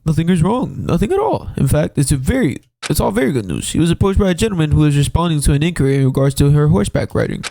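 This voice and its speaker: Brief posh British-sounding dad, as a gamer voices him, smooth and polite. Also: male voice, on the high side, big pitch swings, fast, hardly any pauses, warm tone, no room sound, pitched below the performer's own voice. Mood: reassuring. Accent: put-on British.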